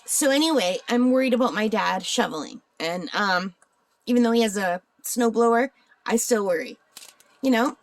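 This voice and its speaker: Speaking at normal speed in a voice on the high side, a forties-aged woman from northern Ontario, Canada, runs a crafting channel. She works on a craft while chatting and rambling, hiccups along the way, and asks her viewers things.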